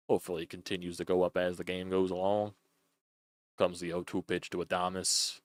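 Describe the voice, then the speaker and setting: A man's voice: sits low, no echo, studio quality. A young man doing loose, chatty play-by-play on a live stream, swearing freely as he calls a baseball game.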